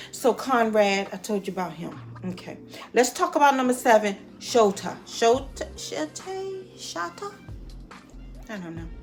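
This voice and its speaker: A woman giving a casual spoken movie review at home, chatty and expressive, calling her viewers honey and y'all. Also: fairly low pitch. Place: at home near her dishes.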